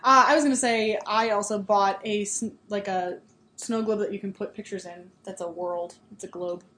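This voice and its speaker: A woman's voice: mid-range voice, fairly even intonation, moderate pace, bright, forceful tone. Chatty young woman, echoey room. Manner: chatty, rambling, many "like"s. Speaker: podcast co-host. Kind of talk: casual chat and storytelling. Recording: echoey room, faint ambience.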